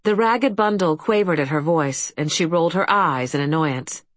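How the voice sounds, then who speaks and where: A woman narrating an audiobook in a steady, even storytelling manner. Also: sits low, moderate pace, no echo. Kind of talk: scripted fantasy narration.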